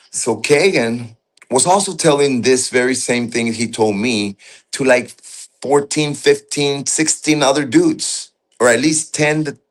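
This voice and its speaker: A man with a medium-pitched voice tells a story as a guest in a casual conversation. His speech is rough and profane, and he halts and restarts often.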